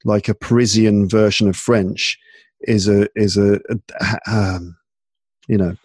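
A tired man from England with an English accent, chatting casually and talking in halting bursts full of restarts and fillers. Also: lowish voice, little pitch movement, a little mellow, slightly rough, dry recording, clean studio sound. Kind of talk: casual chat. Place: home in Paris at night.

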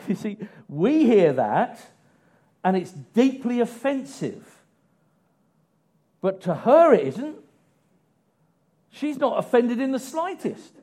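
A male preacher delivers an animated sermon and keeps putting rhetorical questions to his listeners. His voice sits high, moves over a wide range, and has a mellow tone. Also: slow pace, pauses often. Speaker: pastor.

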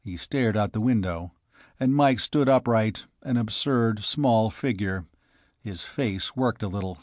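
The narrator, a man with a fairly low pitch, reads an audiobook script at a steady, measured pace. It's a studio-quality recording with no echo.

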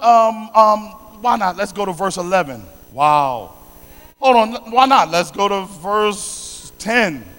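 A man with a South Philadelphia accent preaching a sermon with call-and-response, building to shouted, sing-song passages. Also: high-pitched, in a large hall.

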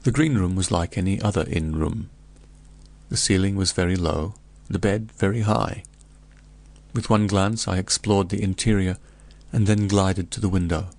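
A man reading a classic tale in the first person, measured and grave. His voice sits very low with a gravelly, creaky texture throughout. The delivery is steady and deliberate. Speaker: audiobook narrator. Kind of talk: first-person storybook narration.

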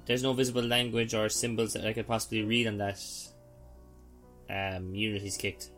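Bright-voiced joking game player. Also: male voice, lowish voice, level tone, moderate pace, soft background music. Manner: chatty, joking, in-character descriptions. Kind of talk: playing a tabletop game.

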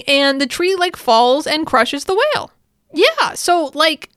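A woman casually recapping an anime episode in an excitable, chatty way, full of fillers. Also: on the high side, smooth, dry recording, clean studio sound. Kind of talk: casual chat.

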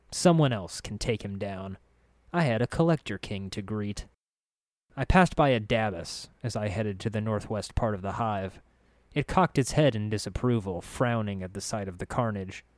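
A man narrating a dark first-person fantasy story in a measured, vivid way. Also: on the low side, no room sound.

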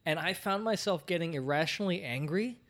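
A man co-hosting a casual movie podcast, animated and laughing as he acts out scenes. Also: a little high, brisk. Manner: animated, laughs while acting out quotes. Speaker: podcast co-host. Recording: roomy sound with faint noise.

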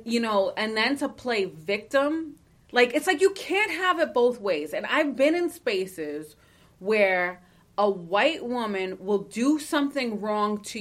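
Animated, swearing woman podcast co-host. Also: mid-range voice. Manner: animated, swearing, laughing often. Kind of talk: casual podcast chat.

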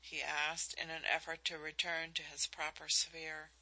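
Woman narrating an audiobook, measured expressive reading, very slow, bright tone, slightly low pitch. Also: low-quality recording.

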